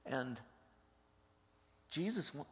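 Extremely slow yet animated, this male pastor speaks in a higher-than-average voice while giving a conversational teaching sermon, asking the congregation many questions in a plain, chatty manner. The setting is a church sanctuary, and the recording is dull and lo-fi with long hall reverb.

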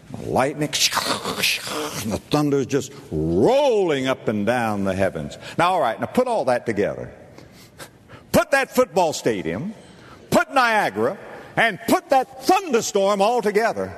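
A male pastor delivers a sermon with a lively, swooping pitch that leaps from hushed asides to soaring shouts of praise. His somewhat high voice rings out in a church with a long reverb tail behind it. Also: unhurried, slightly rough. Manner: animated preaching, swinging from low asides to high exclamations. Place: church sanctuary.

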